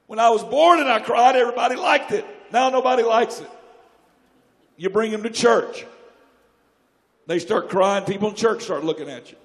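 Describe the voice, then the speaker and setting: Guy preaching, jokey storyteller, high voice, sudden shouts, big reverb in the church. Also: moderate pace, pauses often. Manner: joking, animated storytelling with sudden loud outbursts. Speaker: pastor. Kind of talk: sermon. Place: church sanctuary. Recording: long church hall reverb.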